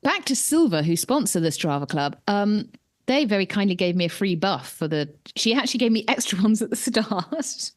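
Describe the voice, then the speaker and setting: A bubbly woman co-hosting a chatty podcast, her pitch leaping around with lively energy. She teases her co-host, laughs easily and breaks off into silly asides while reading a letter aloud. The voice sounds close and dry. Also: moderate pace, dry recording. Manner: bubbly, giggly, teasing, jumps into asides.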